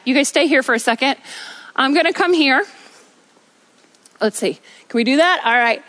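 A woman preacher delivering an energetic sermon on a church stage, telling stories with rhythmic repetition. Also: high-pitched. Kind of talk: sermon with storytelling.

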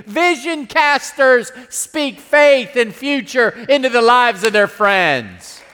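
Pastor, male, high voice, preaching with "amen?" asides, swings from hushed to loud, long hall reverb. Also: animated, unhurried, hardly any pauses. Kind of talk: sermon.

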